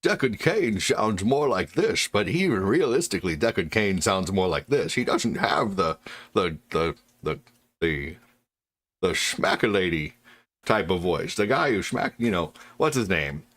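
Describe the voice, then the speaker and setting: A man voicing a rambling old man with a drawn-out, slow delivery. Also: deep voice, lively intonation, a bit bright, exaggerated voice.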